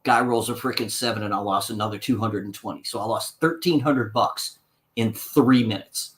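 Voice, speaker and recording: A man's voice: lowish voice, normal speed, fairly bright tone. Man telling a long casino story. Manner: long-winded anecdote, swearing, acts out quotes. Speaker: podcast co-host. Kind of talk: casual storytelling.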